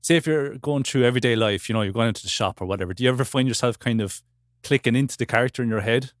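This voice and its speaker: A man's voice: mid-range voice, racing, no echo, clean studio sound. A man co-hosting a podcast, asking long, enthusiastic questions in a casual chat. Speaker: podcast co-host.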